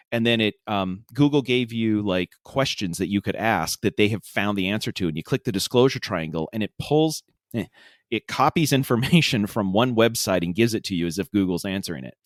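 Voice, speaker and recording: A man's voice: on the low side, lively intonation, brisk, dry recording, studio quality. A man hosting a casual podcast who rambles through his stories and keeps breaking into laughter mid-sentence. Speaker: podcast host. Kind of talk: casual chat.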